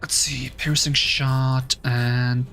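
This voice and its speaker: A man's voice: medium pitch, little pitch movement, extremely slow, vocal fry, sharp tone, soft background music. A male streamer giving casual gameplay commentary, thinking aloud and puzzling over the game's rules.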